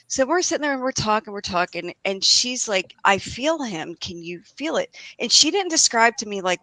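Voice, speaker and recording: A woman's voice: mid-range voice, no echo. A woman guest on a video call, animatedly telling a story with lots of fillers. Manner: animated, chatty with many fillers. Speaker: guest medium.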